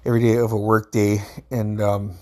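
A man's voice: fairly low pitch, level tone, a little fast, warm tone. A man in his thirties from Alaska, telling a casual, rambling story with lots of fillers and swearing. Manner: rambling, laid-back, frequent fillers and swearing.

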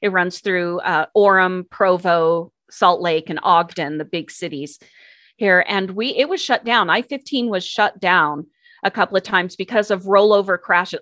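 A woman, a traffic and news radio reporter, telling stories with lively enthusiasm in a casual interview. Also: on the low side, measured pace, no echo. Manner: animated, enthusiastic storyteller.

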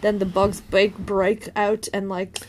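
A woman's voice: mid-range voice, level tone, takes it slowly, a little mellow, a little hiss or hum. A woman in casual chat, recapping a show with a co-host and often quoting characters. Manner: chatty, lots of "like", quotes characters.

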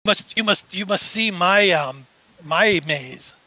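A man's voice: high-pitched, lively intonation, slow, bright, forceful tone, no room sound, exaggerated voice, low-quality recording. A man voicing a gushing, self-important female scientist who plays hostess and then brushes guests off. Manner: effusive, then brushes people off.

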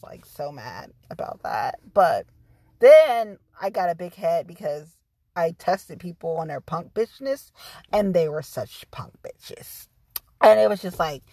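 A woman's voice: on the low side, very animated, a little slow, no room sound. A woman hosting her own podcast, talking candidly and profanely straight to her listeners in a casual monologue. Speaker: podcast host.

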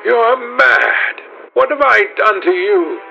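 A man voicing a frightened young gentleman in a dramatized storybook reading, his lines gasped and stammering. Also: high-pitched, expressive, slow pace, creaky, lo-fi sound, faint music behind, pitched above the performer's own voice, heavily acted. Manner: gasping, stammering, then stern. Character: young man, panicked then coolly triumphant.

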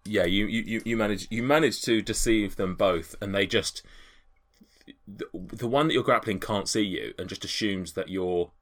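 A man's voice: fairly low pitch, normal speed. A man running a tabletop game as game master, narrating with many restarts and qualifiers. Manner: hesitant, full of restarts and qualifiers.

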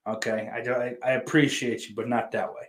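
A man's voice: medium pitch, level tone, a little fast. Profane rambling male streamer. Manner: profane, rambling, teasing viewers. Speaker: livestream host reading chat. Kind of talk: casual live-stream chat.

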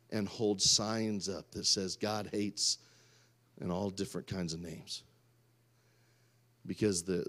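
A man, preaching a sermon and swinging from loud outbursts to quiet asides. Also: low-pitched. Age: 30s. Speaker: pastor.

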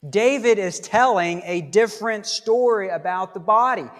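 A man's voice: sits high, normal speed, few pauses, big-room sound. A man preaching a sermon as pastor, conversational and emphatic, stretching out words for stress. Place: church sanctuary.

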